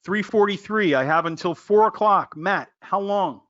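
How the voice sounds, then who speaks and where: An excitable man with a fairly high voice runs a trading lesson. He gets loud, jokes around and calls on his listeners by name. The recording sounds dull and lo-fi. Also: moderate pace. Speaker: trading educator. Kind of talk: animated screen-share trading lesson.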